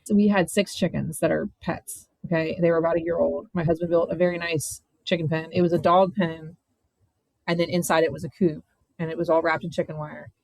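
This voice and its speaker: A woman in her thirties from Maryland tells her story fast and bluntly, peppering it with swear words. Her voice is husky with a gravelly edge. The sound is dry and close. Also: low-pitched, no room sound, poor audio. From Maryland, USA. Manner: blunt, salty, swears freely, animated storytelling. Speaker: podcast guest, vineyard owner. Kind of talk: casual chat, storytelling.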